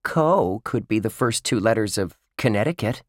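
A man's voice: on the low side, animated, normal speed, no room sound, studio quality, pitched above the performer's own voice, lightly acted. A man voicing a clever, curious young girl who thinks things through. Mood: thoughtful.

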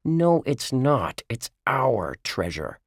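A man voicing an excitable young boy who jokes and yells about cookies. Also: medium pitch, slow pace, dry recording, studio quality, voice pushed up. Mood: excited, joking. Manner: loud, yelling, playful.

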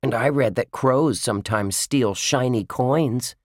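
A man's voice: medium pitch, unhurried, no echo, studio quality, voice pushed up, lightly acted. A man voicing a friendly young boy who teases his pal. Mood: teasing.

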